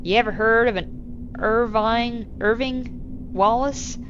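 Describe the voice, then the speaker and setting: A woman voicing a calm, plain-spoken male sheriff in a game. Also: fairly high pitch, slow, muffled recording, background noise. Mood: steady.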